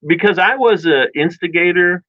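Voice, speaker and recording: A man's voice: high-pitched, normal speed, no echo. Guy on a radio show rambling thru a childhood story, does little voices for his family, slightly muffled broadcast sound. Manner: rambling, animated storyteller acting out family quotes. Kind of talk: casual storytelling chat. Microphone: studio microphone.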